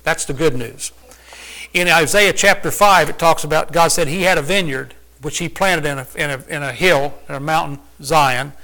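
A man's voice: on the high side, moderate pace, sharp tone, low-quality recording. A man preacher giving informal Bible teaching in a folksy, conversational way, often asking the listeners questions.

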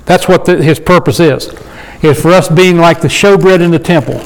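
A man leading a Bible study sermon in a conversational way, slowing down to read scripture and often asking his listeners for agreement. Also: a little high, low-quality recording. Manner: conversational, asks the room for agreement; slows down to read scripture aloud. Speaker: preacher.

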